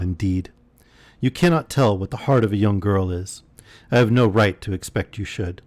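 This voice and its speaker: A man's voice: fairly low pitch, no echo, close to an everyday voice. A man reading aloud and voicing a proud young woman in distress, earnest and pleading.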